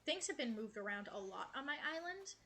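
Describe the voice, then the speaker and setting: A woman's voice: on the high side, sing-song, fairly quick. A young woman streamer giving a casual tour of her game island, chatty and affectionate, speaking into a headset mic. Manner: chatty and affectionate, cooing at characters. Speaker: gaming streamer. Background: soft game music.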